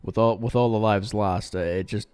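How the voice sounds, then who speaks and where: A man playing a tabletop game, speaking casually and haltingly. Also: on the low side, steady tone, a little mellow, clear, resonant tone. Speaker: player.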